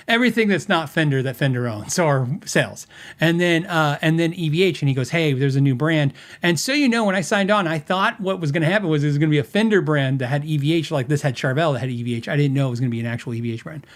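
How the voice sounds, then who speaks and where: Rambling man hosting a podcast. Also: fairly high pitch. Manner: rambling, filler-heavy storytelling with laughs. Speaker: podcast host. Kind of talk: casual chat.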